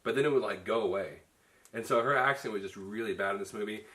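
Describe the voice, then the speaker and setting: A man's voice: fairly low pitch, fast, sharp tone. A man hosting a casual film review chat, talking loosely with many restarts. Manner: chatty, many restarts and "you know". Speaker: film reviewer, show host.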